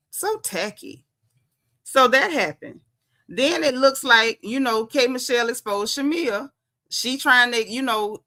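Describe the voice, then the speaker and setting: A woman's voice: fairly high pitch, sharp tone. A woman doing casual reality TV commentary for her viewers, sassy and emphatic, repeating her punchlines for effect. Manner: talks straight to viewers as y'all.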